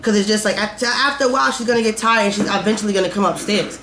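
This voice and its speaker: A woman's voice: mid-range voice, quick pace, bright, forceful tone, slight background noise. A woman vlogger telling a story in a candid, profane, rambling way, full of fillers. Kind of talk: casual storytime.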